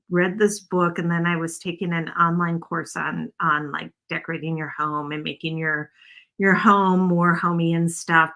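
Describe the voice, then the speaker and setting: A woman chats her way through a craft project for her live viewers. Her voice is bright and forward, sitting a little low. She rambles, jokes about herself and calls her audience y'all. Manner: rambling, self-deprecating, addresses viewers as y'all. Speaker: craft video host. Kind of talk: casual chatty craft livestream.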